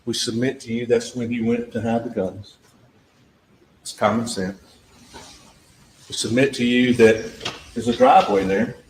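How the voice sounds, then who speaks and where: Unhurried and pausing often, a man with a medium-pitched, darkish, steady voice gives his closing argument as a trial attorney. He speaks to the jurors directly, stresses his points again and again, and acts out witness exchanges, with the echoey courtroom recording carrying faint background noise.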